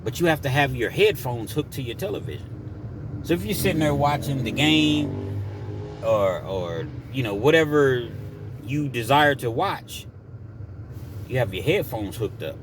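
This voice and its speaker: A man's voice: mid-range voice, expressive, unhurried, noisy background. A man casually telling a story from his prison days in a conversational, digressive way.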